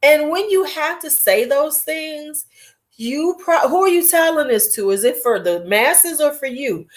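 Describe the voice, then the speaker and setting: A woman talks casually to her viewers. She is blunt and animated, and she pokes fun at herself as she goes. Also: sits high, a little slow. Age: 40s. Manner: blunt, animated, profane, self-mocking. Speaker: beauty vlogger. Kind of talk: casual chat.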